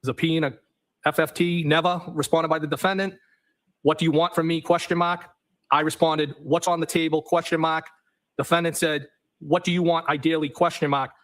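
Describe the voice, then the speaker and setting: A man on the witness stand, reading text messages aloud in a matter-of-fact way and saying the punctuation marks out loud. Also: fairly high pitch, flat delivery, a little fast, rough recording. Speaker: trial witness.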